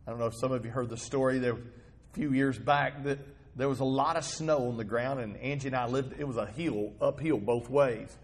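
A man's voice: mid-range voice, brisk. A male pastor giving a sermon in a conversational, storytelling manner, asking the congregation rhetorical questions.

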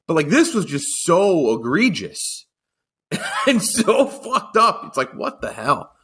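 A man with a slightly high, husky voice talks films in a casual podcast. His pitch leaps around animatedly as he gets exasperated. He swears freely and piles on emphasis. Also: sing-song, takes it slowly, sharp tone. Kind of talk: casual movie-discussion chat.

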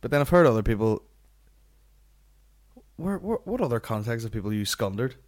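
A man's voice: medium pitch, very animated, normal speed, a little mellow. Northern Irish man, young, podcast host, sweary rambling banter. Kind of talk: casual comedic banter.

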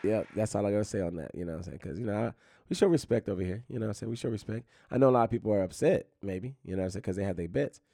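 Gravelly low-voiced man rambling about sports. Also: very fast, warm tone, no room sound. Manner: rambling, repeats phrases, many "you know what I'm saying" fillers. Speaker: sports talk host. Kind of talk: casual sports news chat.

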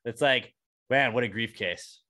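A man's voice: medium pitch, measured pace, sharp tone. A man co-hosting a casual comedy podcast, joking and swearing with sarcastic banter. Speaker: podcast co-host.

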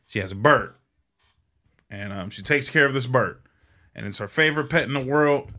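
Bright-voiced, rambling, profane male host. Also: medium pitch, moderate pace. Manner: rambling and profane, with frequent fillers. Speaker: show host. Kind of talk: casual joke-telling.

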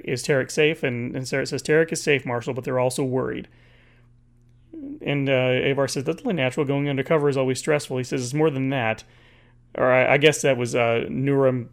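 Man, gravelly, casual comic book recap, halting with restarts, reads dialogue aloud. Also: medium pitch, steady tone. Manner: halting, many fillers and restarts.

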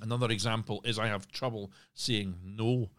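A man's voice: fairly low pitch, steady tone, normal speed, fairly bright tone. A man hosting a solo podcast, talking casually with asides and restarts. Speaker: podcast host.

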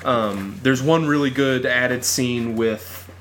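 A man's voice: mid-range voice, slow pace, a little hiss or hum. Enthusiastic male podcast co-host. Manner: enthusiastic, animated film talk. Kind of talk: casual chat.

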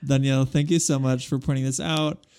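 A man's voice: mid-range voice, level tone, fairly quick, a little mellow, clear, resonant tone. A man in his twenties co-hosting a podcast, chatting casually with wry, dry humor. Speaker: podcast co-host.

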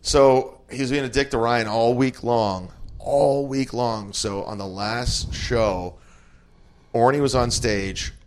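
A man's voice: mid-range voice, fairly even intonation, takes it slowly. A man, a comedian hosting a podcast, telling stories emphatically in casual chat. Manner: storytelling, emphatic, stammering restarts. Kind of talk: casual green room chat.

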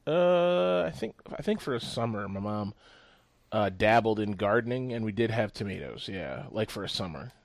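A man's voice: lowish voice, animated, normal speed, gravelly, dry recording. Rambling, profane man in casual chat.

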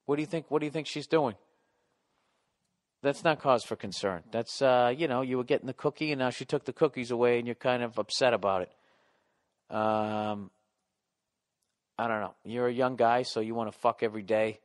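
A man's voice: mid-range voice, normal speed, pauses often. Profane, rambling middle-aged man. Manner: profane, blunt, rambling with restarts. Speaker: podcast host. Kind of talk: reading and answering listener letters.

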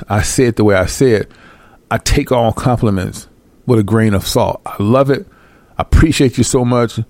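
A blunt, foul-mouthed man hosts a casual talk, answering viewer questions with streetwise banter. His voice is gravelly and low-set, and the sound is dry and close. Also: darkish tone, no echo. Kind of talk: casual live commentary.

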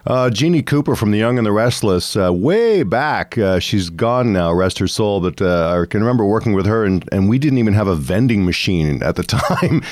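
Male host, lowish voice, dry sound, just chatting about old times. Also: animated, moderate pace, hardly any pauses, darkish tone, dry recording. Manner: conversational, reminiscing. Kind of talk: casual interview chat.

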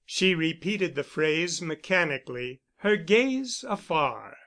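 A man narrating a novel as an audiobook reader, in a measured, even storytelling manner. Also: a little high.

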